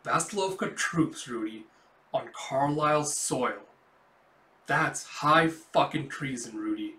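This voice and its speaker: A man voicing a cold, commanding noblewoman who lectures a traitor with measured contempt, read in his own voice from a comic. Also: medium pitch, expressive, bright, forceful tone. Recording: echoey room.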